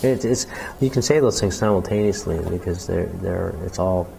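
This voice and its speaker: Low-voiced man, halting interview talk. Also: vocal fry, a little hiss or hum, low-quality recording. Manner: halting, many restarts, animated when quoting people. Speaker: interviewee, jazz clarinetist. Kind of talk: reflective conversational interview.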